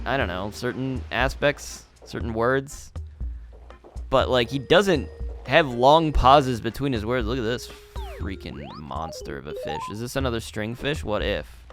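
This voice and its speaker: Young male let's-play host, middle-range pitch, loose and meandering delivery, soft music bed behind. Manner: rambling and meandering. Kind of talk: casual gameplay commentary.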